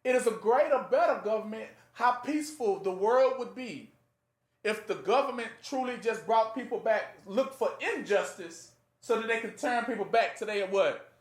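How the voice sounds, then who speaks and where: A man teaching scripture in a casual sermon, often pausing to ask listeners to fill in the last word. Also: high voice, animated. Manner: rhetorical fill-in-the-blank questions to listeners; conversational, plain-spoken. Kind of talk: informal Bible teaching sermon. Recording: echoey room.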